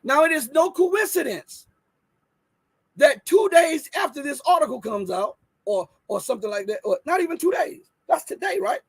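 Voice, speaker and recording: High gravelly man hosting live news talk. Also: very animated, normal speed, no echo, poor audio. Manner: emphatic, rhetorical questions, thinks aloud while reading articles. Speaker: host.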